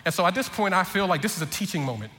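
A man's voice: high voice, very fast. A man preaching as pastor, telling a comic family story and acting out everyone's lines with lots of energy. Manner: animated, comic, acts out voices of family. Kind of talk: humorous sermon storytelling. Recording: long hall reverb, faint ambience.

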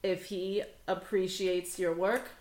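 A woman's voice: lowish voice, level tone, slow, a little mellow. A woman voicing a weary, underpaid male messenger who talks curtly and drifts into a southern drawl. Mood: tired and curt. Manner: curt, fed up, slips into a southern drawl. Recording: roomy echo.

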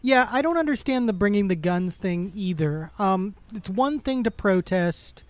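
A man's voice: sits high, animated, normal speed, no room sound. A man co-hosting a podcast, chatty and giggly, with many fillers. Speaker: podcast co-host. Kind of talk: casual chat.

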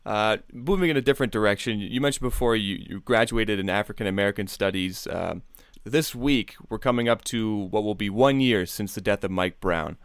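A man hosting a podcast, asking interview questions in a measured, conversational way. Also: fairly low pitch, clear, resonant tone, dry recording, clean studio sound. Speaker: podcast host.

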